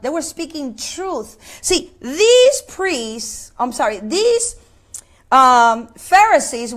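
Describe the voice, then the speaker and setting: A woman preaching a sermon, impassioned, with many repetitions and quoted scripture. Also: high voice. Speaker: pastor.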